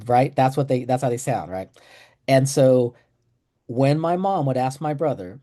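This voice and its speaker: A trainer presenting to clinicians, he's a middle-aged Texan leading a laid-back video-call webinar full of self-deprecating humor and acted-out quotes. The voice is mellow and medium in pitch, delivered at a moderate pace.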